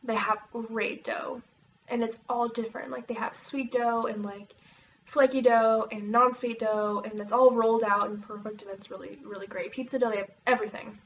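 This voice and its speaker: A woman's voice: on the high side, steady tone, moderate pace, distant mic, highs cut off, a little hiss or hum. A young American woman from Oregon chatting casually to camera, rambling with lots of fillers and bubbly bursts. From Oregon, USA. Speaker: vlogger.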